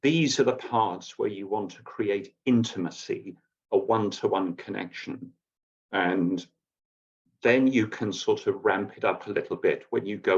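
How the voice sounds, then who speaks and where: A man, a former news anchor, giving measured, precise presenting advice in a live online session. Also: fairly low pitch. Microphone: video call. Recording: dull lo-fi call audio.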